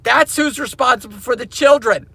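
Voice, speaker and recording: A man ranting casually to camera as a crypto mining vlogger, excitable and slangy, laughing often. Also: extremely high pitch, moderate pace, gravelly, husky, no echo.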